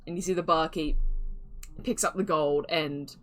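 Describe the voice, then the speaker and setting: A woman's voice: low-pitched, steady tone, normal speed, soft background music. A woman narrating as game master of a tabletop game, describing scenes loosely with many fillers and asides.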